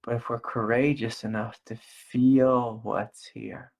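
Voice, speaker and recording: A middle-aged man giving a gentle, slow spiritual talk as a meditation teacher, repeating phrases softly. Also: medium pitch, little pitch movement, creaky. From United States. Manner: slow, gentle and soft-spoken with repetitions.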